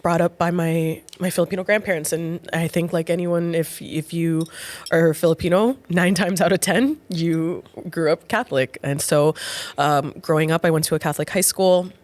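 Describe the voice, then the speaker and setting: A woman in her thirties or forties co-hosting a podcast, speaking slowly and reflectively about her faith. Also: on the low side, steady tone, darkish tone. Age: 30s to 40s. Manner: reflective, slow with pauses. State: emotional. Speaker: podcast co-host. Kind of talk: heartfelt faith conversation.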